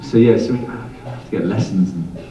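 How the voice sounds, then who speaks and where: A man's voice: on the low side, normal speed, dull audio, heavy background noise. A man from England, a guest actor on a convention panel, chatting casually and rambling, with many restarts and laughs. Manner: rambling, self-correcting, laughing. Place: large convention hall. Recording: echoey hall from far off.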